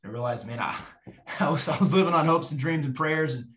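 A man telling a personal faith story to an audience, animated and acting out the voices of people in it. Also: a little high, quick pace. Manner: animated, acts out quoted voices. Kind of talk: storytelling testimony. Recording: roomy echo.

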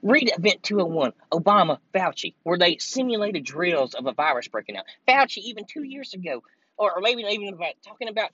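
A man's voice: high-pitched, sing-song, brisk, pushed and bright, breathy edge, no echo, lo-fi sound. A man hosting a solo podcast from his car, delivering a heated, profane, rambling rant. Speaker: podcast host. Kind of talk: ranting solo podcast recorded while driving. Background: air conditioner running.

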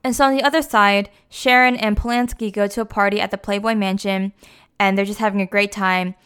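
A young woman recounts a story in a relaxed, chatty way, peppering it with fillers. Her voice is smooth and clear, sitting at an ordinary middle pitch. She talks like she is catching up with a friend. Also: fairly quick. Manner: chatty, lots of "like" and "you know". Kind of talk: casual plot retelling.

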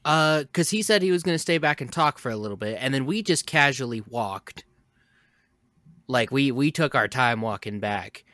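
A man's voice: medium pitch, lively intonation, moderate pace, bright, forceful tone, no echo, studio quality. A man in casual chat, recalling events hesitantly and a little defensively.

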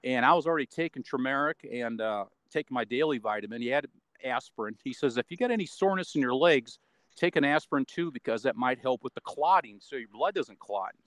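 A man's voice: medium pitch, expressive, brisk, a bit bright, no room sound. A man gives a casual spoken account as an interview guest. His talk meanders and is full of fillers. The recording is dry, with no room sound around his voice. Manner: rambling, meandering delivery with many fillers.

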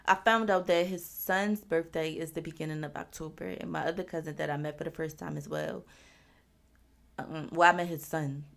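A woman's voice: deep voice, steady tone, normal speed, vocal fry. A woman in her twenties hosting a podcast, talking candidly and casually about family, swearing freely and using many fillers. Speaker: podcast host. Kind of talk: personal reflective monologue.

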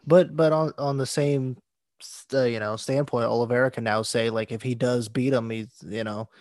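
A man's voice: medium pitch, moderate pace, no echo. A man co-hosting a podcast, giving his takes in casual sports chat and often restarting his sentences. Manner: flat, repeats words as he restarts. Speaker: podcast co-host.

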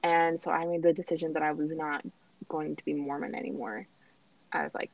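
A woman's voice: low-pitched, little pitch movement, brisk, vocal fry, no echo. Laughing, chatty young woman, dry lo-fi sound. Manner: chatty, laughs often, lots of "like" and "um". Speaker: guest. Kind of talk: casual personal storytelling. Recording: slightly dull lo-fi sound.

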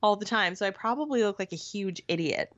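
A woman chatting casually in an interview and telling stories with lively acted-out quotes. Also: medium pitch, brisk, muffled recording. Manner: animated storytelling with acted-out quotes and laughs. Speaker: podcast co-host and TV show cast member.

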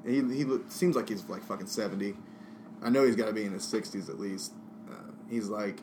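Low-voiced, profane male podcast host. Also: fairly quick, darkish tone, a little hiss or hum. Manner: profane, rambling storyteller. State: drinking. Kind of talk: casual chat.

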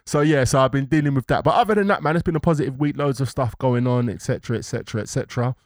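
A man's voice: medium pitch, rapid-fire, dry recording, studio quality. A man, co-hosting a live-streamed podcast in casual, rambling chat full of slang. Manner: animated, rambling, London slang. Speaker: podcast co-host. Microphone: podcast microphone.

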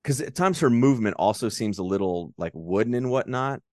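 A young man co-hosting a casual movie podcast, talking in an animated way and acting out lines in exaggerated voices. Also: mid-range voice, brisk, no echo, studio quality. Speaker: podcast co-host.

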